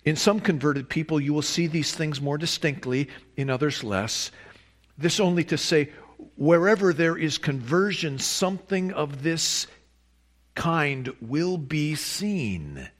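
A man's voice: a little high, expressive, a little slow. A man preaching a sermon, reading a long quotation and stressing key words with emphatic rises. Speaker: pastor.

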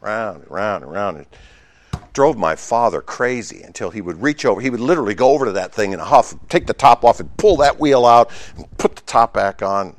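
Lively, emphatic male preacher. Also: medium pitch, fairly quick, no echo. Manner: emphatic preaching, swinging between loud exclamations and hushed asides; conversational, with humorous asides to the congregation. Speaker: pastor. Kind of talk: sermon.

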